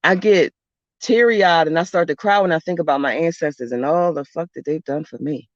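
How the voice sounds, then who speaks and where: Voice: medium pitch, fairly quick, no room sound. Blunt, profane spiritual vlogger, lo-fi sound. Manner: blunt, profane, rambling storyteller. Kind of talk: casual spiritual monologue. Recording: dull lo-fi dry recording.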